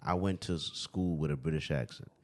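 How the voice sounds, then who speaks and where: A man's voice: extremely low pitch, a little fast. A young man hosting a casual podcast, rambling and swearing, always adding "you know what I mean". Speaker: podcast host.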